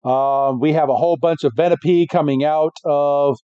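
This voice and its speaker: A podcast co-host with a rather high, fairly even, dark yet clear and resonant voice chats casually while watching a preview for the first time. He talks slowly, laughs easily and narrates what he sees, captured on a dull, dry lo-fi mic.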